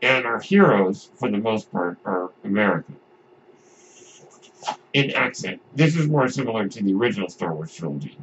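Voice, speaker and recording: In casual film talk on his podcast, a man with a fairly low, expressive voice rambles, restarts sentences, and adds asides. He speaks at a normal pace with a slightly bright tone, and the recording is lo-fi and dull with faint noise.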